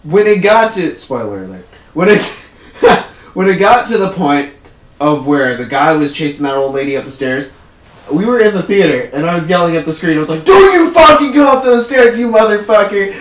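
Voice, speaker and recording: A man chatting casually about horror films, swearing and acting out his own loud reactions. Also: a little high, animated, normal speed. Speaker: co-host. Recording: echoey room, voices a bit far from the mic.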